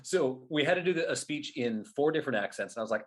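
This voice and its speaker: A man from New Jersey and New York, a performer guest telling animated stories in casual interview chat and laughing easily. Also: on the high side, fast.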